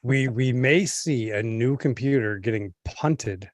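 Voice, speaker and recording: A man chiming into a casual talk with dry, wry one-liners. his voice is mid-pitched and the recording is dead and close, with no room sound. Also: unhurried, dry recording. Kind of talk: casual chat.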